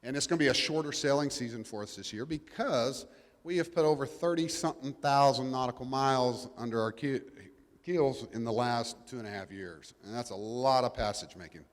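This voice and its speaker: A man's voice: medium pitch, a little fast, big-room sound. A middle-aged man gives a folksy, joking talk to a live audience as a guest speaker, rambling a little with restarts. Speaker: guest speaker, cruising family father. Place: event venue before a live audience.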